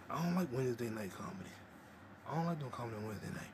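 A man's voice: medium pitch, animated, very fast, background noise. A young man hosting a podcast alone, rambling in a crude, profane, joking stream of consciousness. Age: young adult. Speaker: podcast host. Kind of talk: casual solo rambling.

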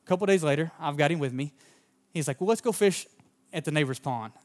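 A male pastor with a somewhat high voice delivers a sermon. He tells a personal story in an earnest, folksy, down-to-earth way and speaks straight to his congregation. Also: fast.

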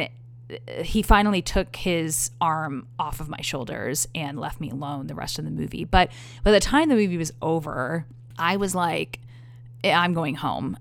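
Young woman, podcast host, slightly low voice, candid and profane storyteller. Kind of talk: casual storytelling monologue.

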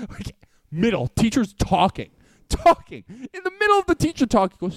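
A man's voice: high-pitched, huge pitch swings, normal speed, no room sound. A young man co-hosting a podcast, telling stories with laughs and swearing in casual chat. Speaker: podcast co-host.

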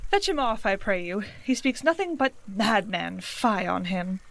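An actress playing a proud young noblewoman in Elizabethan stage style, measured and commanding. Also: medium pitch, animated, vocal fry.

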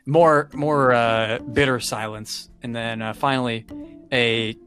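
A young man co-hosting a casual chat, telling a story in a dry, deadpan way. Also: medium pitch, slow pace, music in the background. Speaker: co-host.

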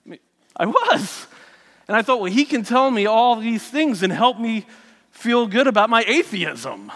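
Bright high-voiced man telling his story. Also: sing-song, a little slow, big-room sound. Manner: candid storytelling with frequent restarts. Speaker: speaker sharing his testimony. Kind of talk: personal faith story told to an audience.

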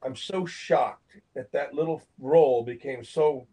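Older guy, lively storyteller who acts out every quote, plain mid-pitched voice. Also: measured pace, breathy edge, rough recording. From Phoenix, Arizona, USA. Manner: animated, acts out quotes, laughs between lines. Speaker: actor and guest. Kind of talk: anecdotal storytelling in an interview.

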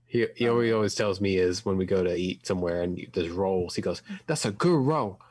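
Podcast guest: low, husky male voice, lively swings, crude joker. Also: fairly quick, no echo. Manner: joking, crude, laughs often. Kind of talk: casual chat.

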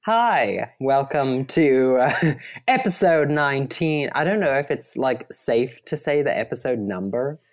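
A man's voice: medium pitch, lively intonation, unhurried. A man co-hosting a podcast from a desk in his small apartment, chatting casually, laughing often and trailing off mid-thought. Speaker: podcast co-host. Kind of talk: casual chat.

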